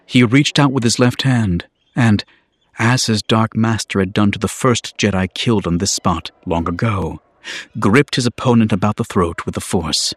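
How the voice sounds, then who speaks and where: A man giving a dramatic, measured audiobook narration. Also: fairly low pitch, slightly rough, dry recording. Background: music score.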